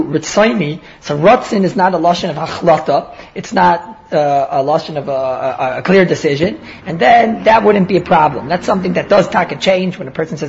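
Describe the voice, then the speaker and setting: A man's voice: on the high side, lively intonation, fairly quick, gravelly, lo-fi sound. A man giving a daily Talmud lecture in an earnest way, often restarting and repeating words as he explains. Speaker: Talmud teacher.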